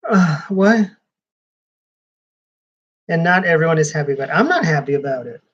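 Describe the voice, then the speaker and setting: A man's voice: on the high side, expressive, moderate pace, a bit bright, lo-fi sound, slight background noise. A man giving rambling live-stream commentary while flipping through a comics preview magazine, with sarcastic asides.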